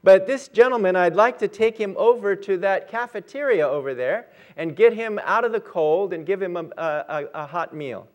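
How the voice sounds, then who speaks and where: A man's voice: high-pitched, lively intonation, normal speed, few pauses. Man reads a kind, earnest rich businesswoman.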